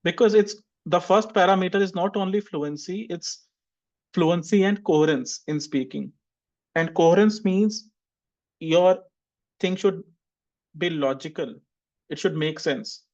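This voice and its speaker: A man tutors an online speaking class in a fairly high voice. He teases his student playfully, then explains the scoring criteria patiently. The call audio sounds dull and lo-fi. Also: measured pace, long pauses, a little mellow. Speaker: English speaking-test tutor.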